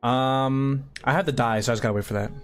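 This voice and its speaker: A man's voice: medium pitch, fairly even intonation, fast, clear, resonant tone. A man live-streaming a game, chatting loosely with viewers in slang-filled, rambling talk. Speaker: gaming streamer. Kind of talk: casual live-stream chat while playing. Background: soft background music.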